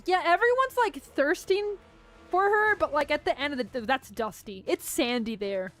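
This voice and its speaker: A woman streamer chatting casually during a game, gushing excitedly about the characters. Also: sits high, normal speed, faint music behind. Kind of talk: casual chat while playing a game.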